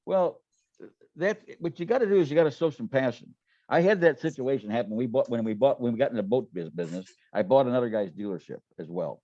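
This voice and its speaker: A man's voice: medium pitch, lively intonation, fast talker, mellow, dry recording, highs cut off. A man telling business stories in a folksy, casual way, often repeating words and acting out what people said. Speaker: guest. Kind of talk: casual storytelling interview.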